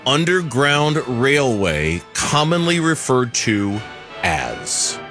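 A man's voice: slow, soft background music. A man hosting a sports radio show, bantering casually and running a caller contest with frequent laughs and playful swings in his voice. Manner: animated, laughs often, swings pitch up for emphasis.

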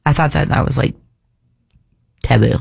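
A woman hosting a radio morning show, chatting casually and running through promos quickly. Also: deep voice, creaky, darkish tone, breathy edge. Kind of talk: casual on-air banter.

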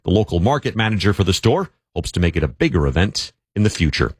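Husky low-voiced male news host. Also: no room sound, clean studio sound. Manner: steady, brisk delivery with light humor. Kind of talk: news reading.

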